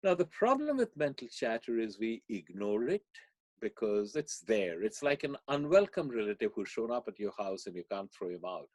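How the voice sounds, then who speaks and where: A man being interviewed on a podcast, explaining ideas through animated storytelling. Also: lowish voice, moderate pace, no room sound. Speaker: guest speaker.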